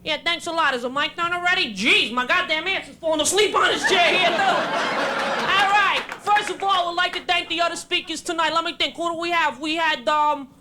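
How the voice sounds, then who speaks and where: A woman's voice: extremely high pitch, fairly quick, noisy background, pitched above the performer's own voice. A woman voicing a crude, cocky man from Brooklyn with a thick New York accent, live on a comedy stage with a laughing crowd.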